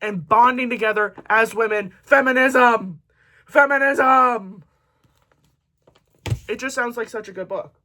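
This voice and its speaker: A woman's voice: fairly high pitch, fairly even intonation, a little fast, hardly any pauses, fairly bright tone. A woman book vlogger chatting casually to camera, reading book blurbs aloud with jokey asides.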